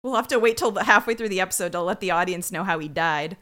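A woman with a lowish, fairly bright voice co-hosts a podcast. Sweary and sarcastic, she recaps an episode in a casual comedic way, briefly doing the characters in quick voices.

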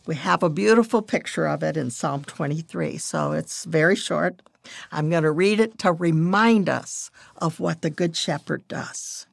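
An older woman giving a devotional teaching, reading scripture in a gentle, measured way. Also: sits low, lively intonation, vocal fry, dry recording, clean studio sound. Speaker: devotional speaker.

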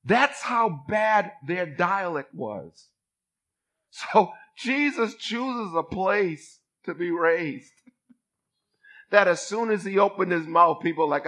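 A man in his fifties from Boston, preaching a sermon as a bishop with lively delivery and call-and-response to his congregation. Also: high voice, slow. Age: 50s. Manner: animated preacher, acts out voices, calls for response from the congregation.

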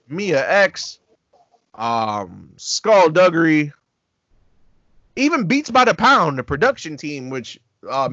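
Animated man telling stories in casual chat. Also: a little high, no echo, highs cut off. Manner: animated, acts out quotes with laughter. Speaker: podcast co-host.

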